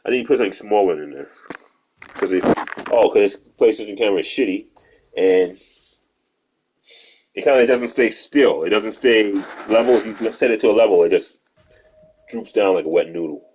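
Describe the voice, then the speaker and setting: A man's voice: on the low side, normal speed, long pauses, a little mellow, husky. A man streaming a video game live, giving profane, rambling commentary as he plays.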